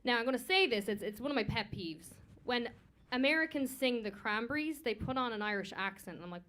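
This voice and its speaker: A woman judging a singing contest, speaking in a candid, chatty way that turns loud and excited, with frequent laughter. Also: fairly high pitch, brisk. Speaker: singing competition judge. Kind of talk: casual spoken critique. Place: community music venue.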